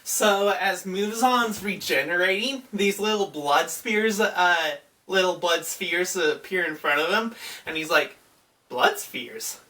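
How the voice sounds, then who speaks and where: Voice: medium pitch, measured pace, bright, forceful tone, far from the mic. An anime fan vlogger recapping an episode in casual, enthusiastic talk full of "like". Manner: enthusiastic, filler-heavy.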